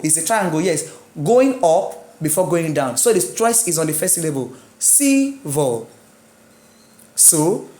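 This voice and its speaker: A woman with a Nigerian English accent teaching an exam-prep English lesson, spelling out letters and repeating words, asking and answering her own questions. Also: fairly low pitch. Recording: echoey room.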